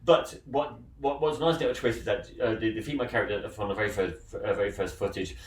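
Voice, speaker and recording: A man hosting a film podcast retells a plot in a rambling way, repeating words and restarting often. His voice is on the low side and fast. The recording is roomy, from a distant mic with faint noise.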